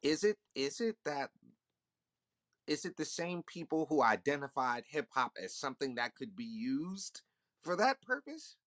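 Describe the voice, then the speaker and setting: A man co-hosting a casual political podcast, talking loudly and with emphasis while giving shout-outs. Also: fairly high pitch, sing-song, a little slow, no room sound, studio quality. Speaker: podcast co-host.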